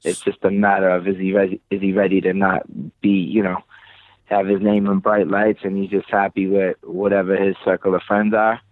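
Boston man, lowish voice, casual rambling podcast guest, tinny phone-line sound. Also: level tone, brisk, a little hiss or hum. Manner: loose, rambling, swears casually. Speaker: podcast guest, creative director.

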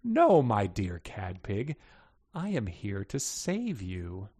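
A man's voice: fairly low pitch, huge pitch swings, slow, mellow, slightly rough, full character voice. A man voicing a sinister female spirit possessing a woman, purring and menacing in a read-aloud story.

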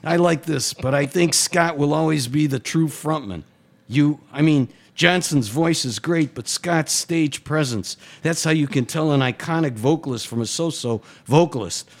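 A man's voice: on the high side, moderate pace, pitched above the performer's own voice. A man reading a story aloud, voicing God as a laid-back male rock fan who eggs a boy on. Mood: enthusiastic. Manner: offhand, swearing, egging on.

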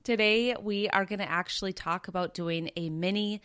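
A woman's voice: medium pitch, moderate pace, a bit bright, clear, resonant tone. A woman in her thirties, hosting a podcast and earnestly telling a personal story in a conversational way. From Minnesota, USA. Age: 30s. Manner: earnest, conversational, with quoted dialogue. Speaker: podcast host and breathwork facilitator.

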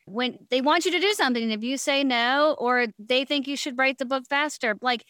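A woman with a fairly high voice talks bluntly and frankly in a relaxed podcast chat, now and then slipping into quick quoted asides. The sound is dry and close, with no room around it. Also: clear, resonant tone, no room sound.

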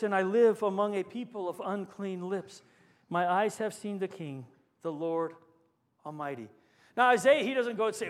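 A man, a pastor, preaching a sermon with swings between forceful lines and hushed, quiet emphasis. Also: sits high, a little slow. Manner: dynamic preaching, dropping to hushed tones for emphasis.

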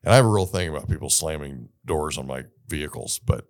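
A middle-aged man hosting an interview, telling a lively story and acting out the dialogue. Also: extremely low pitch, fast. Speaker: podcast host.

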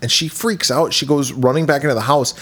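A man's voice: medium pitch, a little fast, a bit bright. A man co-hosting a podcast, recapping a horror movie in casual chat, swearing freely and laughing often. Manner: laughing, profane, acts out characters' lines. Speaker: podcast co-host.

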